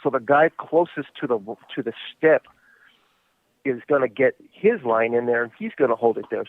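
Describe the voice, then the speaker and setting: Male host, mid-pitched, casual rambling storyteller, phone-line sound. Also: normal speed, no room sound. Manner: relaxed, rambling, full of "you know". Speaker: podcast host.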